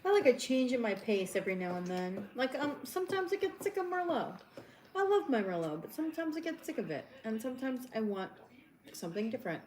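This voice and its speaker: A woman's voice: fairly high pitch, sing-song, a little fast, a little mellow. A woman with a Long Island accent, chatting bluntly and playfully on a casual livestream. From Long Island, New York.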